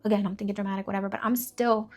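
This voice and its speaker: A woman's voice: medium pitch, little pitch movement, rapid-fire. A woman giving an emotional personal testimony, telling her story vividly with many fillers and restarts. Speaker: testimony speaker.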